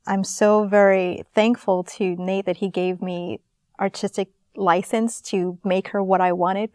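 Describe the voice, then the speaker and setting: A woman in her thirties, an actress guest in an interview, telling stories in a lively, animated way. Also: medium pitch, no echo, studio quality. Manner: lively, animated storyteller, laughs often. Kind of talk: casual storytelling in an interview.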